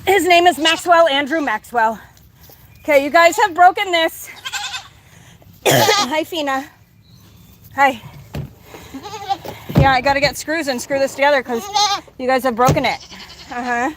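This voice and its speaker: A woman's voice: high-pitched, unhurried, pauses often, background noise. A woman vlogging from her farm, chatting to her animals in a coaxing, sing-song way. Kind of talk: casual talk to farm animals. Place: outdoors on a farm. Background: goats bleating.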